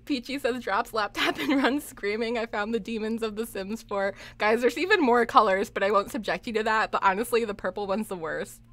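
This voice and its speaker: A young woman talks loosely over a live game stream, breaking into giggles between remarks and reading out comments from her chat. Her voice sits a little high, and she sounds close to a desk mic. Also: brisk, few pauses, a bit bright, dry recording. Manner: giggly, laughs often, reads chat aloud.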